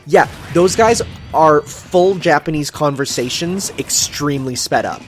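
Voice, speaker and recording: A man's voice: a little high, unhurried, faint music behind. A man co-commentating a video game, chatting casually and rambling through trivia with lots of fillers.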